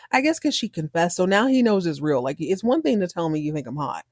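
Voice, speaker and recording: A woman's voice: lowish voice, big pitch swings, quick pace, hardly any pauses, no echo, studio quality. A woman hosting a podcast, giving a casual, candid and slangy recap of a TV episode. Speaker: podcast host.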